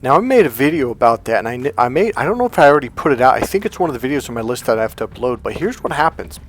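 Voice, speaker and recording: Animated, profane man with lively pitch. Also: racing, soft background music. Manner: animated, profane, acts out dialogue. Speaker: relationship coach. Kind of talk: casual monologue to camera.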